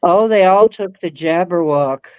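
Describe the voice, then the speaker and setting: Woman host, very slow unhurried drawl, dry close lo-fi recording. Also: lowish voice, smooth, no room sound. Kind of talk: casual chat. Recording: dull lo-fi sound.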